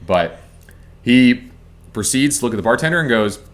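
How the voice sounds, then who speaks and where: A man co-hosting a casual drinks review, telling a story in a relaxed, chatty way. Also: medium pitch, normal speed. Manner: relaxed, chatty anecdote teller. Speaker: co-host.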